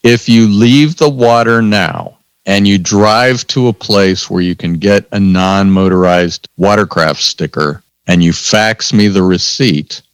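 A man with a fairly low voice in casual podcast storytelling. He acts out both sides of the conversations with lively timing. The sound is dry and close to the mic. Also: unhurried, clean tone, no echo. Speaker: podcast host telling stories.

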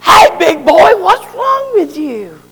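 A man's voice: very high-pitched, big pitch swings, takes it slowly, long reverb tail, heavy background noise, voice pushed up, heavily acted. A man voicing a wicked queen who coaxes her husband in a mock-sweet tone. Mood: coaxing.

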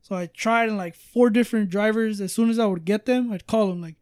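A man's voice: high-pitched, fairly quick, few pauses, a little mellow, clear, resonant tone, no echo, studio quality. A man telling a travel story in casual podcast chat, rambling with lots of fillers and swearing. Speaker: storyteller guest.

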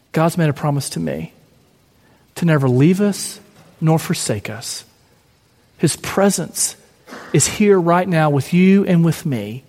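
A man preaching a gentle, encouraging sermon, building repeated lists, then leading a prayer. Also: fairly high pitch, long reverb tail. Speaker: pastor.

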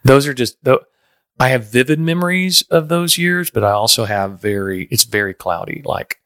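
A man's voice: medium pitch, expressive, moderate pace, a bit bright, no echo. A man in his fifties hosting a podcast, chatting casually in a reflective, self-deprecating way. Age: 50s. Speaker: podcast host. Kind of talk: casual conversation.

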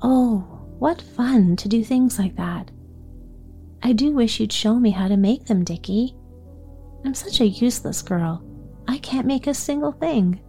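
A woman's voice: a little high, lively intonation, measured pace, warm tone, slightly rough, faint music behind, full character voice. Woman voicing a sweet eager little girl. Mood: delighted. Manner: eager, wondering, polite.

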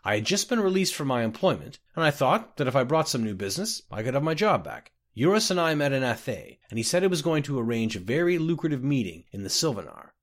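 A man's voice: medium pitch, very animated, fast talker, few pauses, pitched above the performer's own voice, lightly acted. A man voicing Reglius, a grim wry clerk. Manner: dry, grimly sardonic.

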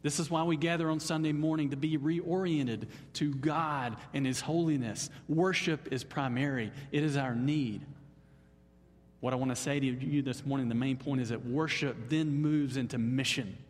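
A man pastor preaching a Sunday sermon in an animated, emphatic way. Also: moderate pace. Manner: animated, emphatic, leaps up in pitch on exclamations. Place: church sanctuary. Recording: long hall reverb.

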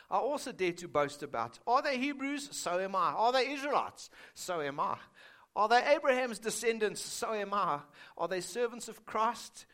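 A man preaching in a high, ringing voice. He keeps it conversational, teasing and addressing his listeners directly as he reads and explains scripture. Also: bright, forceful tone. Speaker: pastor. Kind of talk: sermon.

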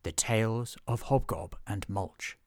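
A man who writes and narrates his own storybook series, reading in a measured storytelling cadence. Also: fairly low pitch, darkish tone. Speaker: author and narrator.

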